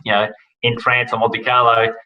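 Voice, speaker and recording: A man's voice: medium pitch, monotone, normal speed, sharp tone, dull audio. An Australian man talking casually as an interview guest, rambling with many fillers and restarts. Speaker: guest, rally broadcast host. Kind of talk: relaxed podcast interview.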